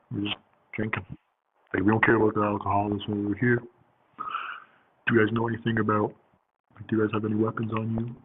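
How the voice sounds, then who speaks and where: A man telling a story in a casual, rambling way, with lots of fillers and swearing. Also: on the low side. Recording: tinny phone-like audio with faint hiss.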